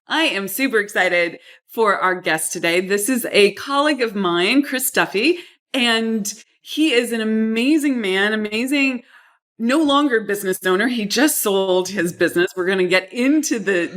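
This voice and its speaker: A woman's voice: medium pitch, moderate pace, a bit bright. A woman with a mid-range voice hosts a podcast interview. She talks in an enthusiastic, emphatic way, leaning hard on key words. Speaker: podcast host.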